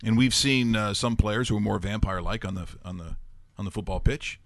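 A man's voice: fairly low pitch, brisk, no room sound. A man hosting a sports talk show, telling rambling jokey stories in casual banter. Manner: rambling, joking, animated storytelling.

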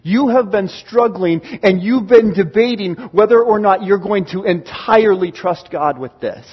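A man, a pastor, preaching a sermon and telling stories with animated, acted-out exclamations. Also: high voice, normal speed, slightly rough. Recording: dull, lo-fi recording with long hall reverb.

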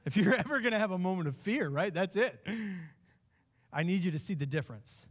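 A man preaching a sermon as pastor, impassioned, swinging from hushed lines to pleading ones. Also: high-pitched, expressive, brisk.

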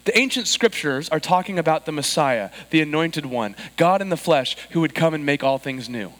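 A man in his thirties preaches a sermon in a church with a long, ringing reverb. His voice sits a little high for a man. He tells a story and gives the people in it lively, animated voices. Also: normal speed. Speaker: pastor. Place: church sanctuary.

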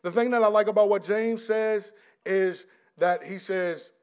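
A middle-aged man preaching a conversational sermon, often restarting his sentences and swinging between loud and hushed delivery. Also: sits high, unhurried, smooth.

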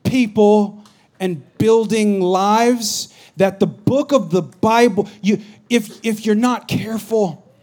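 This pastor takes his sermon slowly, his voice pitched high for a man. Loud, urgent bursts give way to hushed, confiding asides.

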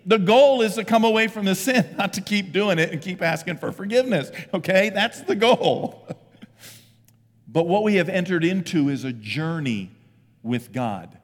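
A middle-aged man preaching a lively sermon as pastor, often breaking into loud acted voices. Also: sits high, normal speed, in a large hall. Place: church sanctuary.

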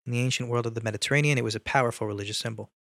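A man co-hosting a podcast, calmly reading out a definition in a plain, informative way. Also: mid-range voice, racing, vocal fry, no echo, clean studio sound. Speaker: co-host. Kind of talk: casual chat and reading a definition.

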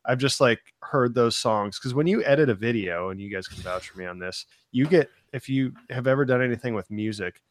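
A man's voice: mid-range voice, fairly quick, few pauses, no echo. A man hosting a casual live-stream chat, rambling and peppering his talk with "like". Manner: rambling, full of "like". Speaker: show host.

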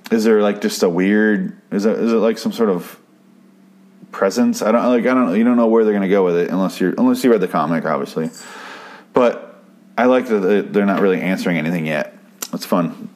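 Recapping a TV episode on his podcast, the host is casual, profane, and rambling, often breaking off and restarting sentences. He speaks briskly in a lowish voice with a darkish tone.

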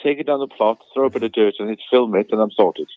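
A man's voice: lowish voice, fast talker, dry recording. A man rambles through everyday stories with a jokey, chatty manner. His voice comes over a thin, phone-like line with no room sound. He sounds like a regular caller on a casual radio show. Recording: tinny phone line, dry.

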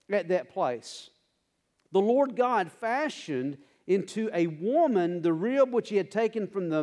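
A man delivering a lively sermon in a voice that sits high for a man but sounds mellow and warm. He swoops up and down as he talks, repeats himself for emphasis and calls out to the congregation. The sound carries a long reverb from a church hall. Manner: animated, repeats phrases for emphasis, addresses congregation directly. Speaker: pastor.

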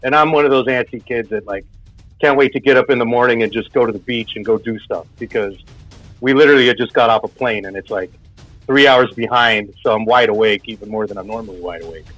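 A man's voice: medium pitch, fast talker, a bit bright, dry recording. A man telling a personal spooky story in a casual, rambling way, full of filler words. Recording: dull lo-fi sound with faint music.

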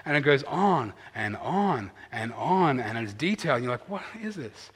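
A man's voice: medium pitch, moderate pace, slightly rough. Earnest man preaching in a reverberant hall. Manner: earnest and animated, swinging between loud emphasis and quiet asides. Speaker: pastor. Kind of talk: sermon.

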